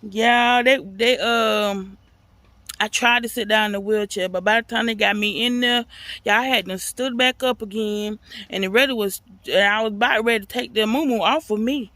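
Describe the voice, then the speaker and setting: A woman vlogger telling a personal story in a casual, animated way, talking straight to her viewers. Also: fairly high pitch, normal speed, dry recording.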